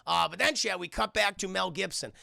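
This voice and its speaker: A man with a high, heavily gravelly voice tells a film's story on a live stream. He sounds bright and edgy, swears freely and keeps turning to his chat as he goes. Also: brisk, no room sound, clean studio sound. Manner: animated, profane, keeps addressing the chat. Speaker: streamer and film reviewer. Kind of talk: casual live-stream film recap.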